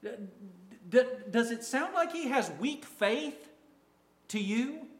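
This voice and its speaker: A man preaching a sermon, acting out a disciple's words and swinging from loud to near silence. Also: very high voice, expressive, slow. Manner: acts out a disciple's words in quoted asides; rises in loudness and falls to near silence.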